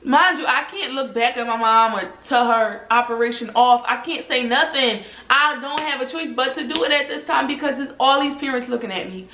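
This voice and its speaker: A young woman vlogger telling a personal story to viewers in a casual, animated way, full of swearing and "y'all". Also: on the high side, slight background noise. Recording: roomy echoey room.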